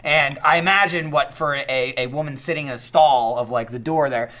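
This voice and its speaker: A man's voice: mid-range voice, normal speed, pushed and bright. A man co-hosting a podcast, talking in a rambling way with frequent restarts in casual chat. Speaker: podcast co-host.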